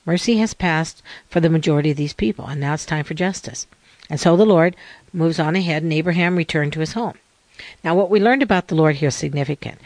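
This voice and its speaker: A man giving a sermon-style scripture lesson in a measured, earnest way, asking rhetorical questions. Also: on the high side, a little mellow, no room sound. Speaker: religious teacher.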